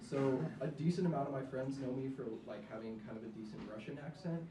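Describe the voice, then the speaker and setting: A man's voice: mid-range voice, quick pace, far from the mic, a crowd in the background. A young man doing a live stand-up set in a diner, rambling and self-mocking with many ums. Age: young adult. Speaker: stand-up comedian. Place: diner in front of an audience. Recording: echoey room, mic from afar, faint noise.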